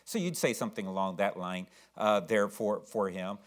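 A man preaching a sermon, swinging between loud exclamations and soft asides. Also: on the low side, moderate pace, hardly any pauses.

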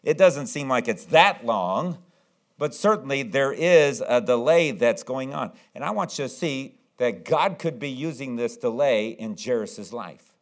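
A man's voice: medium pitch, lively intonation, unhurried. A man preaching a sermon who often acts out the pleading voices of the people in his story. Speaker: pastor.

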